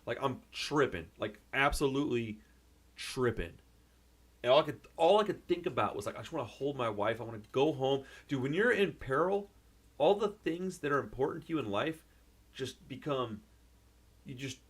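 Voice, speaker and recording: A young man telling a rambling, excitable story in a casual vlog, full of fillers and restarts. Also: mid-range voice, normal speed, slightly rough. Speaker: vlogger.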